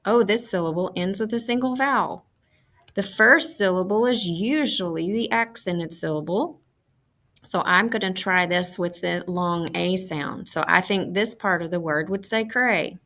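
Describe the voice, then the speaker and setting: A woman giving a scripted phonics lesson, explaining sounds slowly and clearly. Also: on the low side, fairly bright tone, low-quality recording. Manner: slow, clear teaching delivery. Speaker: reading teacher.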